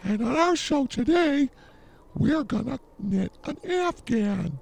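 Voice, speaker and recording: A chirpy, sugary knitting-show hostess, put on by a man in a high, put-on falsetto. The voice keeps a gravelly edge underneath the brightness. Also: very animated, takes it slowly, heavily acted.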